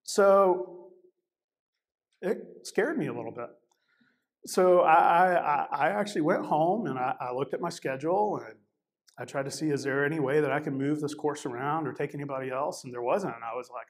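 A man's voice: a little high, normal speed. A man giving a sermon as a guest preacher, telling a personal story in a conversational way with many fillers and restarts. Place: church service, also streamed online.

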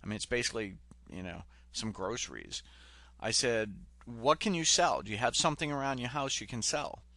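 A man's voice: medium pitch, expressive, fairly quick, pushed and bright, dry recording. A man giving a direct, pushy motivational talk as a sales coach. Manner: direct, pushy, retells film scenes.

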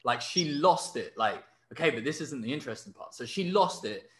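A man's voice: medium pitch, a little fast, roomy sound. A man hosting a podcast, telling a story casually with lots of fillers. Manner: animated storyteller, many fillers and laughs. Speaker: podcast host. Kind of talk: casual chat.

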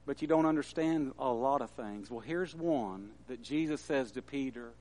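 A man's voice: medium pitch, normal speed, few pauses, darkish tone. A man preaching a sermon in an earnest, emphatic way that builds at times.

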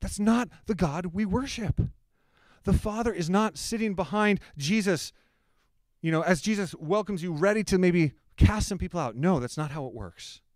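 A man's voice: sits high, moderate pace, no room sound, clean studio sound. A male pastor delivers a sermon in a conversational, earnest way, with humorous asides.

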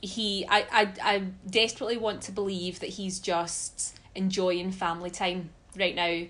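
A Scottish woman telling stories as a guest in a casual podcast chat, chatty and quick to laugh. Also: medium pitch, little pitch movement, fairly bright tone. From Scotland. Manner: chatty storyteller, laughs often.

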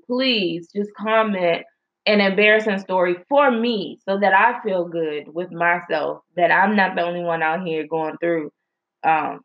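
A young woman telling a story to her viewers, chatty and animated, with slang and lots of fillers. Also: on the low side. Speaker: mom vlogger. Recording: slightly dull lo-fi audio.

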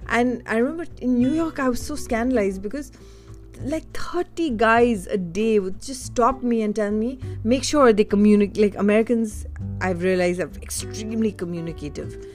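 A woman from Delhi shares personal stories in a candid, reflective way, often pausing to search for her words. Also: medium pitch, soft background music. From India (Delhi). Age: adult. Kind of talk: personal storytelling monologue.

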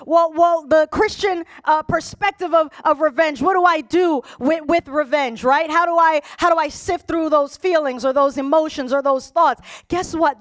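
High, lively woman preaching. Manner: animated, storytelling, mimics characters. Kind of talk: lively sermon with acted-out voices.

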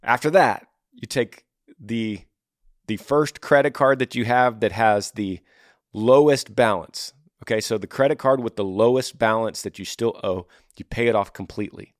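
A man's voice: on the low side, normal speed, no echo, studio quality. A man hosting an advice show, reading listener emails and talking them through earnestly, often acting out what listeners say. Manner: earnest, acts out listeners' worries in voices.

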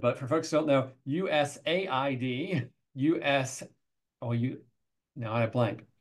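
A woman's voice: very deep voice, unhurried. A woman interviewer and former instructor, friendly and affirming in a casual conversation.

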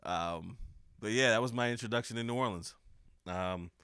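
Young male podcast host, rambling and profane, bright, smooth voice. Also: fairly low pitch, normal speed, no echo, studio quality. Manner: rambling, swears freely, laughs often. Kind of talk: casual chat.

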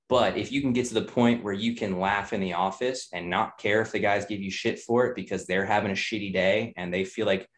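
Podcast guest: young male fitness coach, low voice, blunt and profane, loops ideas together. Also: fairly even intonation, a little fast, hardly any pauses. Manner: candid, profane, repeats ideas in chains. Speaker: nutrition coach and personal trainer, podcast guest. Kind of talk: casual podcast talk.

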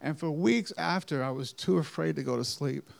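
A man slowly recounting a personal testimony in an earnest way, with deliberate phrasing and halting restarts. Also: fairly high pitch, creaky. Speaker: storyteller giving a personal testimony. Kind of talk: slow, earnest spoken testimony.

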